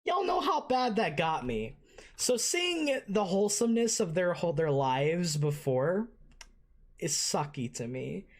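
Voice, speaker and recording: An anime reaction host talking in casual commentary at a mid pitch. The voice gushes with emotion and swears freely. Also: very animated, measured pace.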